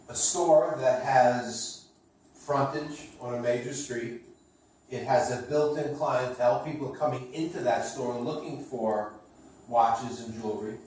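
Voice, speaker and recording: A man's voice: mid-range voice, darkish tone, slight background noise. Echoey, distant male sales trainer. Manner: encouraging, joking, instructive. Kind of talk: coaching a role-play reading. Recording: echoey room, distant mic, faint ambience.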